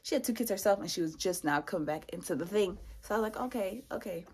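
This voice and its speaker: A woman's voice: mid-range voice, quick pace, slightly rough. A young woman telling a personal story in a vlog, acting out the voices of the people in it. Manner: animated, acts out other people's lines. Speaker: vlogger.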